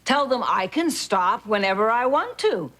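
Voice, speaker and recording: A woman's voice: on the high side, big pitch swings, normal speed, fairly bright tone. A woman playing a bitter, sardonic sitcom wife and mother who speaks in a drily defiant way.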